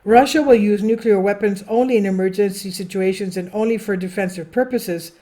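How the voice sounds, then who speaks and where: A woman's voice: medium pitch, a little fast, dark tone. A woman hosting a political commentary channel, reading a news article aloud with her own asides, self-corrections and stumbles over foreign names.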